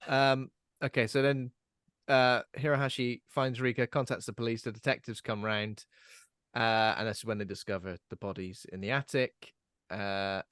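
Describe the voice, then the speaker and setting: A man hosts a casual film-discussion podcast, walking through the plot step by step and breaking into jokes along the way. His voice sits at an ordinary middle pitch. The recording is close and dry, with no room sound. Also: a bit bright, clear, resonant tone, dry recording. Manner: recaps the plot in order, joking and laughing. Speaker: podcast host.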